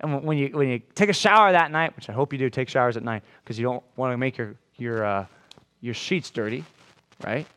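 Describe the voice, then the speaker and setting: A pastor with a smooth, mid-range voice that's a bit bright speaks fairly quickly to a congregation in a room. His sermon is conversational; he checks in with "right?" and acts out quoted lines in changed voices.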